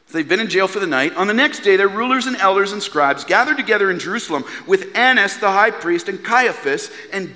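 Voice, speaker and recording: A male pastor preaching a sermon in a church, earnest and pleading, swinging from hushed asides to loud emphatic lines. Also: high-pitched, in a large hall. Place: church hall.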